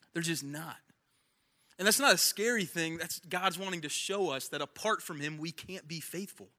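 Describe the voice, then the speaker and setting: A man's voice: a little high, bright, forceful tone. A young man preaching a sermon in a casual, conversational way, repeating phrases for emphasis. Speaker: pastor.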